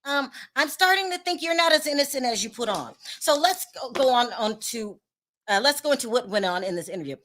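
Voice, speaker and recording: A woman's voice: high voice, lively intonation, fairly quick, a bit bright. A woman hosting a gossip commentary channel, talking bluntly and sassily straight to her viewers. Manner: blunt, sassy, talks straight to the audience.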